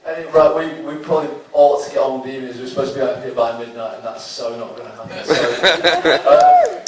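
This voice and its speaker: A man's voice: medium pitch, huge pitch swings, fast. Jokey male host in an echoey hall. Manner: jokey, loose, coughing between lines. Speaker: festival host. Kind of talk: hosting a live Q&A. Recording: echoey hall from far off, crowd and hiss.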